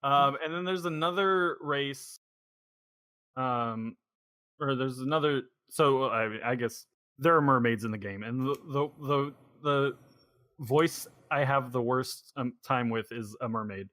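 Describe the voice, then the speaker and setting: A man's voice: mid-range voice, measured pace, bright, forceful tone, no room sound. A man hosting a podcast in a casual chat, rambling and thinking aloud as he goes. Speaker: podcast host.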